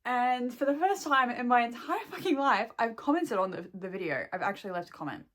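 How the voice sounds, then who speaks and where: A woman's voice: on the high side, expressive, fairly quick, a bit bright. A young woman and shop worker venting to her camera at home, swearing heavily and rambling, close to tears. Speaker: vlogger and shop employee.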